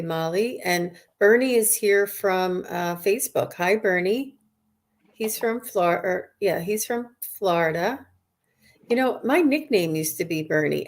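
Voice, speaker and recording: A woman hosting a live psychic question stream over a video call, chatty and warmly greeting viewers by name. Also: mid-range voice, expressive, unhurried. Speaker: psychic medium host.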